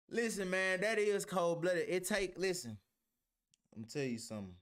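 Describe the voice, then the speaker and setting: Guy with a high voice ranting on a reaction stream, swears a lot, argues hard. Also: very animated, measured pace, a bit bright. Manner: heated, argumentative, heavy profanity.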